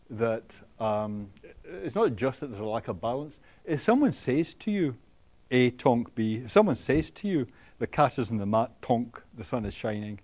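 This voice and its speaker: Halting male lecturer, mid pitch. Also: a little mellow. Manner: halting, many ums and restarts, checks in with students. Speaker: university lecturer. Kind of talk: classroom lecture. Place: lecture hall.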